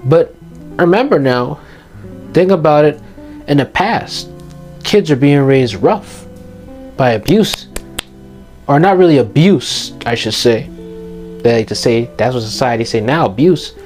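A man's voice: mid-range voice, expressive, unhurried, long pauses, a little mellow, faint music behind. A teenage boy giving passionate, emphatic advice to his viewers in an earnest motivational monologue, repeating his key points. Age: teens. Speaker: youth vlogger giving advice.

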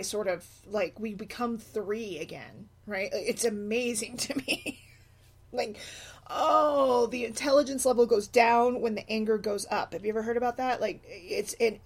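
A middle-aged woman, a single mother, talking casually in a rambling monologue, often slipping into quoted voices. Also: on the high side. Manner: chatty, animated asides and quoted voices. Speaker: blogger, single mom.

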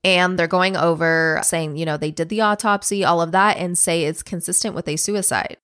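A lower-pitched young woman telling a true crime story to her co-host in a relaxed, profane, chatty way. She slips into quick acted quotes of the people involved. The recording is dry and close. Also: clean tone, no echo. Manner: casual, swears a lot, acts out quotes. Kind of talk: casual storytelling chat.

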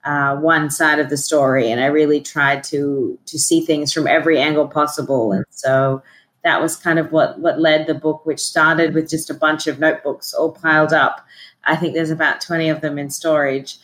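An Australian woman with a notably low voice tells her story as a podcast guest. She talks in a relaxed, chatty way and laughs easily. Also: normal speed. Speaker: guest journalist. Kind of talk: casual interview chat.

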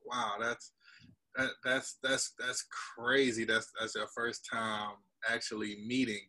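A man hosting a relaxed conversation, asking curious questions in a laid-back way. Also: medium pitch, slow pace, low-quality recording. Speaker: podcast host. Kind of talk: casual conversation.

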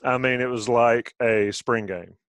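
A man's voice: medium pitch, steady tone, a little slow, fairly bright tone, no room sound. Middle-aged man, sports talk. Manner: conversational, rambling with restarts. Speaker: sports radio host.

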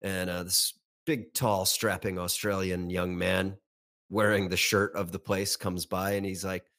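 A man co-hosting a podcast who tells rambling anecdotes in casual chat. His nose is stuffy from a sinus infection. His voice sits somewhat low. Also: level tone, a little slow, fairly bright tone. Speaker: podcast co-host.

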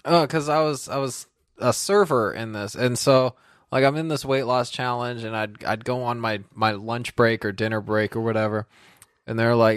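A man's voice: medium pitch, steady tone, moderate pace, clear, resonant tone, dry recording, studio quality. A man telling rambling, self-deprecating stories in a casual chat, as a podcast co-host.

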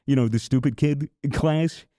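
A man's voice: medium pitch, moderate pace, mellow, no echo, studio quality. A young man, a podcast host, telling a rambling, profane story in casual chat with lots of restarts.

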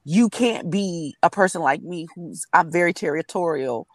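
A woman's voice: lowish voice, normal speed, no echo. Candid woman chatting from her car. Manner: candid, animated storytelling. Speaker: review panel guest. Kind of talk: casual chat. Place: sitting in a car.

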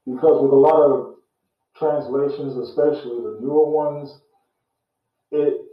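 A man hosts his own show and teaches on scripture in an unhurried, deliberate way, going back over phrases to drive them home. His voice rings around a very reverberant room, and the sound is dull and muffled. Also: mid-range voice, fairly even intonation, distant mic. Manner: slow, deliberate, repeats phrases for emphasis. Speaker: host and Bible teacher. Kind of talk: casual Bible teaching.

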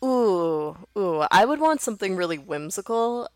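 A woman's voice: mid-range voice, very animated, moderate pace, no echo. A woman, a wry, laid-back podcast guest in casual chat. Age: 30s.

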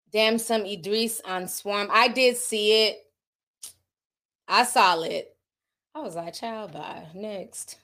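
Reading her chat aloud, this Southern US woman hosts a casual livestream about celebrity gossip and doesn't hold back her opinions. Her voice sits in the middle range with a fairly bright tone. She chats easily, laughs often, and responds to each viewer comment.

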